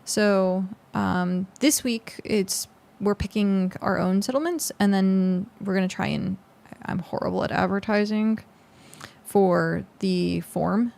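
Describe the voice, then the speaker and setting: A woman's voice: mid-range voice, slow, gravelly, a little mellow. A woman game streamer chatting casually with her viewers, tired and congested, with lots of fillers. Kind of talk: casual live-stream chat.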